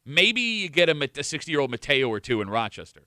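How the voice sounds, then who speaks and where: A male radio host. His voice is bright and lively, swinging up and down as he jokes. The sound is dry and close to the mic. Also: on the high side, dry recording. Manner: animated, joking, quick to laugh. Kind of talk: casual radio banter.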